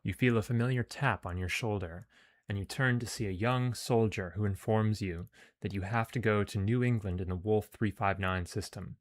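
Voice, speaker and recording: A man's voice: lowish voice, normal speed, dry recording. A man reading game text aloud as narration, with casual, sometimes profane asides. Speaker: game streamer.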